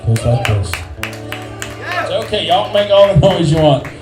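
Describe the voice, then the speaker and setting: Laid-back comic in a roomy bar. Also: male voice, a little high, fairly quick, a crowd in the background. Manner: laid-back, rambling storyteller with deadpan punchlines. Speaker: stand-up comedian and singer-songwriter. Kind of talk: stand-up comedy storytelling. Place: small bar stage with a live audience. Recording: roomy bar sound with guitar playing. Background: acoustic guitar.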